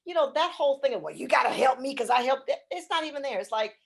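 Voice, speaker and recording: A middle-aged or older woman, a band leader and guitarist, telling her story in a casual interview, animated and full of "you know" fillers. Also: high-pitched, fast, gravelly, breathy edge.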